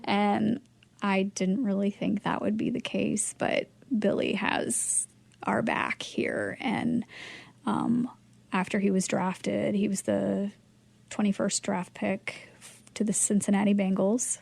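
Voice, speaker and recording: A woman's voice: mid-range voice, slow pace, creaky, husky. A woman guest in an interview, telling a story with energy, acting out the lines of the people in it and laughing often. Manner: lively storyteller who acts out dialogue and laughs often. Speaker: charity fundraiser guest.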